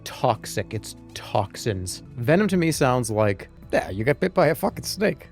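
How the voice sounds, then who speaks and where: Guy in his 30s streaming, goofy rants that jump up loud now and then, mid-pitched voice, a little music low behind him. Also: big pitch swings, measured pace, creaky, few pauses. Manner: joking, rambling rants with sudden loud outbursts. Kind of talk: casual livestream chat.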